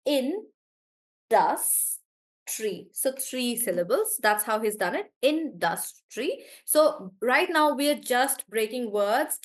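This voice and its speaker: Encouraging woman teaching an online class. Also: on the high side. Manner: encouraging, draws out syllables slowly when modeling words. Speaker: English pronunciation teacher. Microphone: video call.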